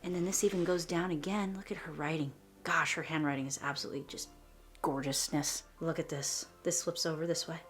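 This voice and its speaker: A woman hosting a crafting vlog, gushing over a scrapbook and often dropping into a breathy whisper. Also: low voice, steady tone, a little fast, a bit bright, faint music behind. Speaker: scrapbooking channel host. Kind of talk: flip-through show-and-tell vlog.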